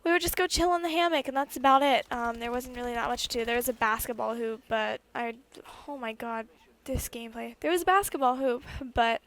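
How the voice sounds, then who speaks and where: A woman's voice: fairly high pitch, a little fast, a bit bright. A young woman vlogger telling a personal story in a chatty way, with lots of fillers and the odd swear word. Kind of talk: casual storytime while gaming.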